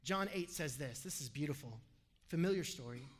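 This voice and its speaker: A man preaches a sermon in a lively, animated way, slipping in humorous asides between points. His voice sits high for a man and carries a long reverb, as from a large hall. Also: normal speed. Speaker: pastor.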